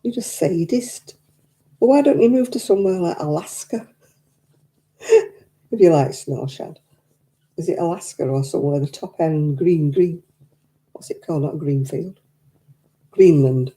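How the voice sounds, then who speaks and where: A woman hosts a craft live stream from her living room, talking into a desk mic. Her voice is very dark and mellow, sitting a little low, and she rambles chattily with frequent laughs. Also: lively intonation, a little slow, pauses often. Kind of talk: casual chat while knitting, reading viewer comments. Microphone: desk microphone.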